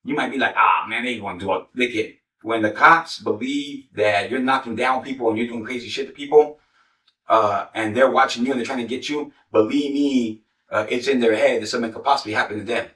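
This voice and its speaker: A man's voice: mid-range voice, sharp tone, recorded from a distance. A man telling raw, profane street stories, rambling with heavy slang. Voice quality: heavy slang, constant "you know what I'm saying". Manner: rapid, rambling, swears constantly. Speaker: former gang member telling war stories. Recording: echoey room, voice off mic.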